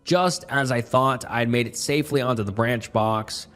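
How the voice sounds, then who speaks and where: Male horror narrator, scripted first-person reading, even pacing, faint backing music. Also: mid-range voice, normal speed.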